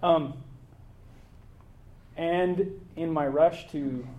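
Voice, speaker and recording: A man's voice: a little high, extremely slow, phone-quality sound. A middle-aged American man giving a casual travel slideshow talk, rambling with many fillers and restarts. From United States.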